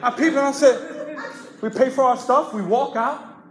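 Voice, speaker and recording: A man's voice: very high voice, measured pace, a bit bright. A man preaching as pastor, telling funny stories and calling out to the congregation. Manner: playful, jokes and calls out to the congregation. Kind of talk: humorous sermon storytelling. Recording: very echoey hall.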